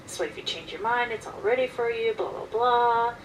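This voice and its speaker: A woman's voice: a little high, fairly quick, far from the mic, slight background noise, lightly acted, rough recording. A woman voicing a pushy, overly cheerful male car salesman in a personal story.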